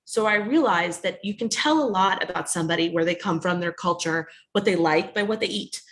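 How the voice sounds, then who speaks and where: A woman's voice: fairly low pitch, brisk, fairly bright tone. A woman in her thirties from New Jersey with a Jersey accent, an author telling an audience about her life in a joking, self-deprecating way. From New Jersey, USA. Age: 30s. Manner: jokey, self-deprecating, laughs often. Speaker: author speaking at a bookstore event. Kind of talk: casual, self-mocking talk to an audience.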